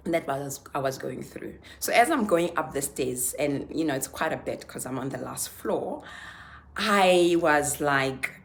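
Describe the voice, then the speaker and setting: A woman's voice: low-pitched, lively intonation, unhurried, slight background noise. A young adult woman telling a story in a chatty, emotional way to her vlog audience. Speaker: vlogger.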